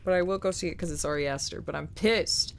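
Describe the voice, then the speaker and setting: A woman's voice: low-pitched, rapid-fire, gravelly, a little hiss or hum. A young woman streaming live, chatting casually and ranting with swears and mocking quotes. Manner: rambling, swears, ranty with mocking put-on quotes.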